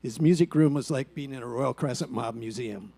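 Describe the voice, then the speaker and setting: A man, a former bandmate, reading a prepared memorial tribute in a steady, reflective way with dry humor. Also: mid-range voice, brisk, gravelly, no echo. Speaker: eulogy speaker, former bandmate.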